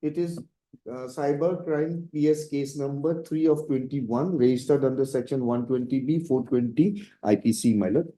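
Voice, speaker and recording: A man's voice: mid-range voice, moderate pace, dark tone. A man arguing a case before a judge in a formal, deferential manner, reading documents aloud. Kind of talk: courtroom argument.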